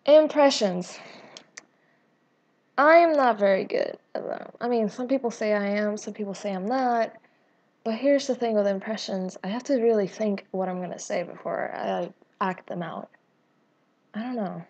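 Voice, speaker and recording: A YouTube gaming host, Latina and raised in the US, chats her way through a casual Q&A vlog at normal speed in a medium-pitched, mellow voice with a breathy edge. The audio is dull, and she rambles with many fillers and restarts, giggling and poking fun at herself.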